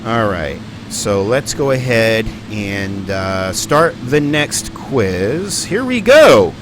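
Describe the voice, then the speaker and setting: A man's voice: on the low side, big pitch swings, takes it slowly, background noise. A man giving live stream commentary on a flight simulator, rambling and thinking aloud with plenty of ums and uhs.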